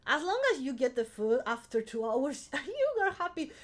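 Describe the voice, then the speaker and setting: High-pitched and sing-song at a normal speed, this woman vtuber rambles through a story while chatting casually on stream, cursing freely and laughing often.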